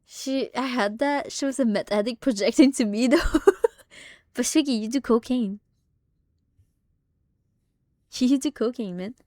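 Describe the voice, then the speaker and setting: A woman's voice: a little high, moderate pace, no echo, studio quality. Young woman streamer telling stories. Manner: swears a lot, animated retelling with laughs. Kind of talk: casual storytelling on a live stream.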